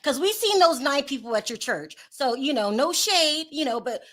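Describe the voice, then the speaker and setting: A woman with a slightly high voice talks straight to her audience in casual gossip commentary. She is sassy and sarcastic and keeps breaking into laughter at her own jabs. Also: expressive, normal speed, few pauses, fairly bright tone. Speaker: commentary vlogger.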